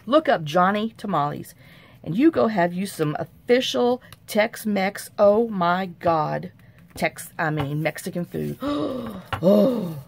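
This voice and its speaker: A woman's voice: mid-range voice, expressive, takes it slowly, vocal fry, slight background noise. A middle-aged woman, hosting a chatty crafting tutorial at her craft table and rambling off on folksy, self-mocking tangents.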